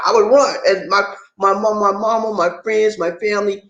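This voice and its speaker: A man hosting his own show, explaining things to viewers casually in an animated, playful way and teasing the audience. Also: high voice, fairly quick, few pauses. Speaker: host. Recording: echoey room.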